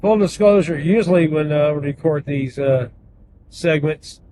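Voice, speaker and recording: A man's voice: a little high, normal speed, over music, rough recording. Joking man interviewing passengers. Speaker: host and party bus driver. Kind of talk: casual interview.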